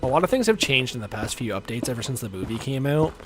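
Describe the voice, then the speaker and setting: A man with a deep voice chatting casually while he plays a game on a livestream, rambling and filler-heavy, often chuckling. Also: big pitch swings, fast, music in the background. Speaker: livestream gamer. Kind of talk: casual gameplay chat.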